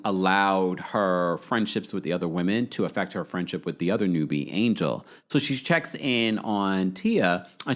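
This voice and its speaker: A man chats casually through a reality TV recap, his voice swooping high and low. He is playful and keeps putting on little voices for the people he quotes. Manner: animated, playful, mimics quotes with pitch jumps. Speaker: podcast host recapping reality TV. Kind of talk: casual chat.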